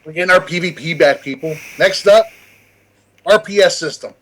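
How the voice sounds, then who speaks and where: A man's voice: high-pitched, moderate pace, fairly bright tone. A man chatting casually on a gaming podcast, rambling, restarting his words and laughing often. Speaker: podcast panelist.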